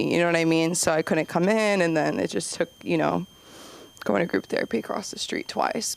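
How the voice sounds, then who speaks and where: A woman's voice: medium pitch, vocal fry. A woman doing a stand-up set at an open mic, rambling through self-deprecating asides. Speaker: stand-up comedian.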